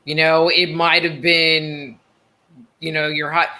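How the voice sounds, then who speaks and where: A woman guest author on a radio interview, explaining ideas in relaxed casual talk. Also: low-pitched, slow. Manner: relaxed, explanatory, fills with "you know".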